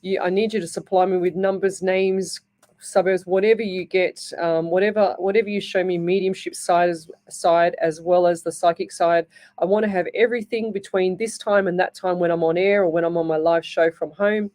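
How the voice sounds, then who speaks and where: A woman's voice: on the low side, steady tone, moderate pace, a little mellow. An Australian woman hosting live radio as a psychic medium, chatting and rambling through stories with lots of fillers, from a radio studio.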